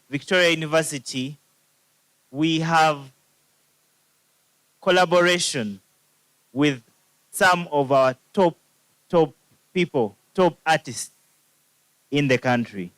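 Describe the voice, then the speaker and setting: A man's voice: a little high, takes it slowly, long pauses, fairly bright tone, no room sound, rough recording. A man acting as master of ceremonies, hyping up the crowd at a university event. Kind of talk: event announcing.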